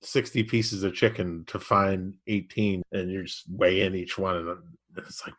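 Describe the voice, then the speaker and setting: Brief: male podcast host, lowish voice, easygoing interviewer. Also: level tone, measured pace, a bit bright. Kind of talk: casual interview chat.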